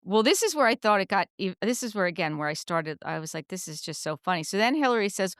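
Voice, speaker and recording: Podcast co-host, woman, smooth clear voice, dry close sound, animated retelling. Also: mid-range voice, quick pace, few pauses, dry recording. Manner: animated storyteller, acts out quotes. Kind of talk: casual recap chat.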